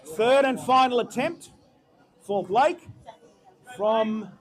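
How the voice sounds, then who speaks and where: A man announcing lifters at a powerlifting competition, chatty and musing aloud between loud cheers for good lifts. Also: extremely high pitch, lively intonation, takes it slowly. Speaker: meet announcer. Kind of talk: live powerlifting commentary.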